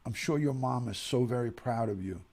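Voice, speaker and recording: A grieving middle-aged man from the United States, soft-spoken and near tears as he reads viewer messages on a livestream. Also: medium pitch. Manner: soft-spoken, emotional, pauses and sighs. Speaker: streamer reading viewer messages. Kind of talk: emotional livestream reading.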